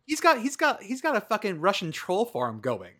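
A man in his thirties with a bright, forceful voice that sits a little high for a man. He riffs in a loose, profane, animated way, the kind of talk you hear in a casual sports podcast chat. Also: normal speed. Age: 30s. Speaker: podcast co-host.

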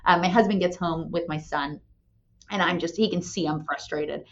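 Woman, 30s, candid motivational talker, lowish voice, muffled lo-fi recording. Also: moderate pace. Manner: candid, storytelling, frequent "right?". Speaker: company president and mother. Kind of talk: motivational talk. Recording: dull lo-fi sound.

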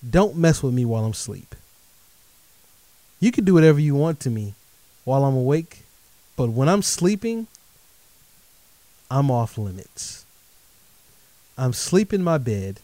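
A middle-aged man telling a true story in a lively monologue, speaking directly to his listeners. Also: mid-range voice, measured pace, pauses often, no room sound. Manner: animated, addresses audience directly as folks.

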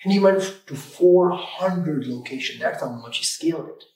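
A man who owns an auto repair shop, talking in an energetic, emphatic way on a podcast and often repeating words. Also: on the high side, normal speed, echoey room, far from the mic, rough recording. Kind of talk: casual podcast chat. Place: room, recording a podcast.

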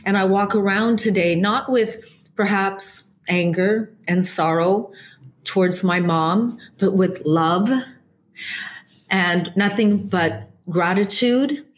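A middle-aged woman telling a personal story in an emotional, halting way, with many restarts and moments close to tears. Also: medium pitch. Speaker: guest.

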